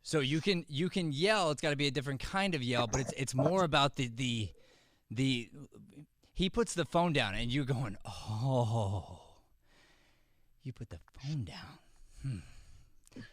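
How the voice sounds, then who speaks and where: A man's voice: mid-range voice, lively intonation, normal speed, fairly bright tone, dry recording, studio quality. Rambling male acting coach on a video call. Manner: loose, rambling, casual and profane. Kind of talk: coaching an online scene study class. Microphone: webcam or phone on a video call.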